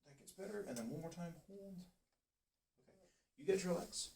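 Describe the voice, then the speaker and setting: A man working as a chiropractor, calmly talking a patient through muscle tests and encouraging her step by step. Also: high voice, brisk. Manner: calm, steady, encouraging coaching. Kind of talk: giving instructions during a treatment session. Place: treatment room. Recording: roomy, distant, faint hiss.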